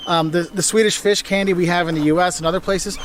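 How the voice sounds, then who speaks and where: High, animated man presenting a travel video. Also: fast talker, a little hiss or hum. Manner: lively, animated, jokey, exaggerated asides. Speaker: travel vlogger.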